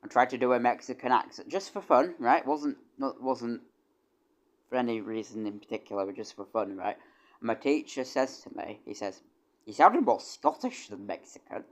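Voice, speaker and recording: A man's voice: medium pitch, normal speed. Brief: young man, casual streamer, rambling and swearing, many restarts. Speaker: streamer and composer. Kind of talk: casual livestream chat.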